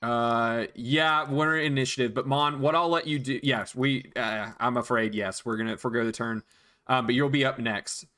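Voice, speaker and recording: A man's voice: medium pitch, moderate pace, pushed and bright. Guy running a dnd session, patient, talks players thru the rules. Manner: patient, explains rules, counts out movement. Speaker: dungeon master. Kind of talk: narrating a tabletop game.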